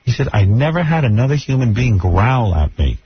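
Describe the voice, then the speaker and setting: A man's voice: medium pitch, sing-song, fairly quick, a little hiss or hum. A middle-aged man, a radio show host telling a story in a brash, mocking way. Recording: dull lo-fi radio broadcast.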